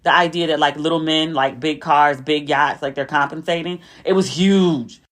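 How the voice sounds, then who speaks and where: A woman's voice: fairly even intonation, normal speed, a bit bright. A young adult woman hosting a podcast, telling stories in a casual chat and raising her voice to act out what people said. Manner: chatty storytelling, acting out quotes with a raised pitch. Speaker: podcast host.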